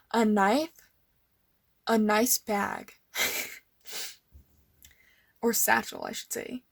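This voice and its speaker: A woman's voice: a little high, steady tone, extremely slow, creaky, pauses often, dry recording. Rambling young woman, dry close sound. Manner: nervous rambling, lots of fillers. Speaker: artist showing old sketchbooks. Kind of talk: casual rambling chat.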